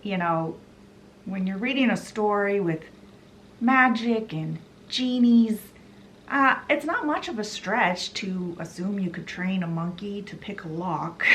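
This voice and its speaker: A woman book vlogger retells a novel in an animated, chatty way. Her voice sits at a medium pitch. She sounds casual and conversational. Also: measured pace, a little hiss or hum, low-quality recording.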